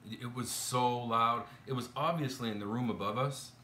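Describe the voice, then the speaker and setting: Chatty man, bright echoey voice. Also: mid-range voice, moderate pace, slight background noise. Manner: chatty, exasperated, lots of fillers. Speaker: vlogger. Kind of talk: casual complaint storytelling to camera. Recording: echoey room.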